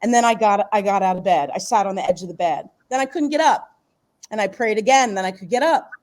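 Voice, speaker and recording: Speaking fast in a medium-pitched, slightly mellow voice, a middle-aged woman who is a guest author and healer shares a personal story during a relaxed interview. She rambles, often starts her phrases over, and laughs frequently.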